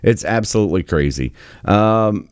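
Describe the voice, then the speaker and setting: Sarcastic low-voiced male commentator. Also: lively intonation, moderate pace, clean tone, no echo, studio quality. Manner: sarcastic, exasperated, mocking. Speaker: political commentary host. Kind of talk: casual commentary over clips.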